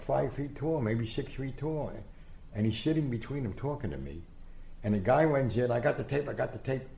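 An older man spins anecdotes as an interview guest, acting out what people said. His voice sits low and gravelly. The room around him is roomy and echoing. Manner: animated, acts out quotes, many restarts. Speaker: guest storyteller. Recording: echoey room.

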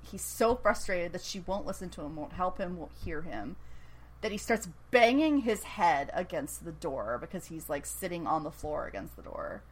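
Animated woman recapping a show. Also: fairly low pitch, normal speed, rough recording. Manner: animated storytelling, laughs often, acts out quotes. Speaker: podcast co-host recapping a TV episode. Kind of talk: casual chat.

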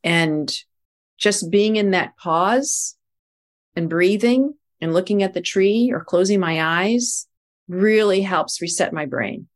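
Middle-aged woman, life coach guest, measured and explanatory, mid-range voice. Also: mid-range voice. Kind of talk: casual podcast conversation.

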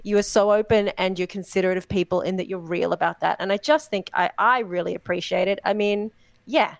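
A woman co-hosts a casual chat and speaks with effusive warmth about her guest. Her pitch sits in the middle range. The recording is close and dry. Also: fairly quick, vocal fry, no echo. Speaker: podcast co-host.

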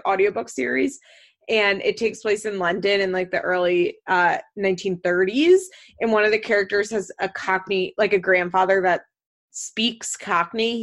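A woman chatting casually as a podcast co-host, giggly and full of fillers. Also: mid-range voice. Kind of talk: casual chat.

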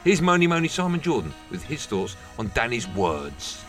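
A man's voice: medium pitch, big pitch swings, normal speed, music in the background. A man hosting a podcast, introducing clips with self-mocking jokey asides. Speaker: podcast host. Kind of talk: light-hearted clip introductions.

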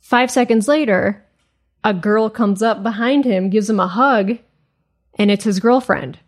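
A woman's voice: mid-range voice, unhurried. A woman co-hosting a podcast, telling a strange story in casual chat, full of "like" fillers. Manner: chatty, many "like" fillers. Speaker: podcast co-host.

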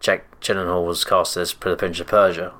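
Deep-voiced English man, hesitant chat. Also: level tone, moderate pace, a bit bright. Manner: hesitant, many ums and restarts. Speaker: podcast co-host. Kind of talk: casual chat.

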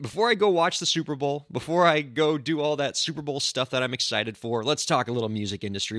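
An entertainment lawyer hosts his own solo podcast, speaking animatedly and indignantly with a streak of playful sarcasm. His mid-range voice sits close to the microphone, with no echo in the recording.

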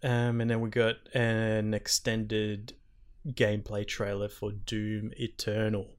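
A man's voice: fairly low pitch, monotone, slow, clean tone. A man co-hosting a casual gaming chat, laid-back and rambling, with lots of ums and trailing sentences. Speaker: podcast co-host.

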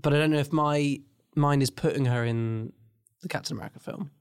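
A man's voice: fairly high pitch, fairly quick, clear, resonant tone. A man co-hosting a podcast who chats casually in an easygoing, teasing way. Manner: easygoing and teasing, prone to playful pleading. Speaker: podcast co-host. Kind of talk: casual chat.

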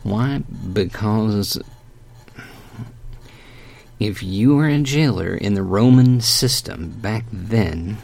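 A man preaching a conversational sermon, animated and emphatic, with folksy asides as he walks through a Bible passage. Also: fairly low pitch, takes it slowly, vocal fry, pauses often.

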